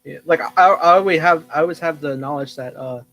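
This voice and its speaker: A young man co-hosting a podcast, telling a story excitedly, with many fillers and laughs. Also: a little high, brisk, poor audio. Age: young adult. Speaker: podcast co-host. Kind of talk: casual chat.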